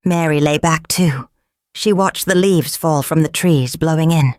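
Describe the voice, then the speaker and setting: A woman narrating a storybook in a slow, measured reading. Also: sits low, darkish tone, no echo, clean studio sound.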